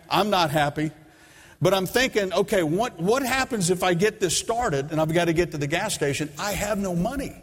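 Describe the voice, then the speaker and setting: A middle-aged man preaching a sermon, telling a story and acting out his own side of the dialogue with emphasis. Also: fairly high pitch. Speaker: pastor. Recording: long reverb of a large hall.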